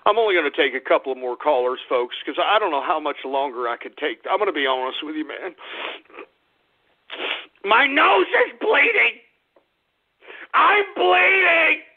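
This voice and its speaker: A man hosting a call-in radio show, ranting frantically, shouting and cursing in bursts. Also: fairly high pitch, animated, moderate pace, long pauses, husky. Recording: tinny phone-like radio audio.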